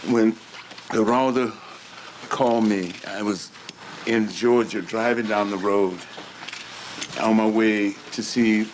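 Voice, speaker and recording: A man's voice: on the low side, fairly even intonation, a little hiss or hum. A man speaking in an emotional reunion, laughing and exclaiming as he talks about an old friend. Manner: slow, laughing, overwhelmed, exclaims often. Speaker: visitor reuniting with a freed friend. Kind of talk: emotional casual chat.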